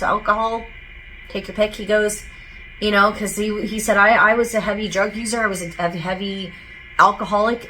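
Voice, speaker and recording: A psychic medium rambles casually as she passes on a spirit's messages in an informal channeling session. Her medium-pitched voice is fairly bright, and the poor recording carries a little hiss or hum.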